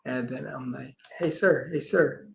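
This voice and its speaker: On an interview show, a father who works as a healer spins a lengthy tale from his own life, voicing its characters and at times sinking almost to a whisper. His mid-range voice is gravelly and unhurried, with slight background noise.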